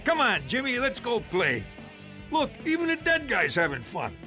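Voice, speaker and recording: Sleazy uncle type, high and bright, crude patter. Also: male voice, huge pitch swings, moderate pace, faint music behind, heavily acted. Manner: crude, wheedling. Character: crude, leering uncle, much-divorced. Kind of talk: adult cartoon voice acting.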